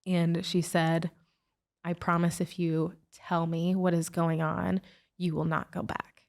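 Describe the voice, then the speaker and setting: A woman's voice: lowish voice, level tone, slow, gravelly, darkish tone. A woman guest recounting a painful personal story in an interview, emotional and full of "like" fillers. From United States. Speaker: guest, author and speaker.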